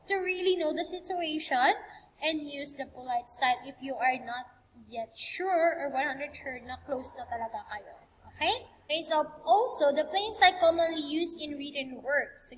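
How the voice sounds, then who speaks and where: Filipino lady teacher, high voice, keeps saying okay?, bit of reverb and faint hiss. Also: fairly bright tone. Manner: explains step by step, checks in with frequent "okay?". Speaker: Japanese language teacher. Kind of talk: lesson mixing English and Filipino.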